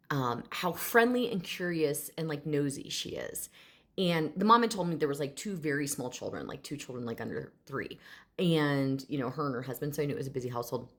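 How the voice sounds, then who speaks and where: Animal communicator lady, chatty, says like a lot, low voice, excited. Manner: chatty, filler-heavy, enthusiastic. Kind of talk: casual storytelling to camera.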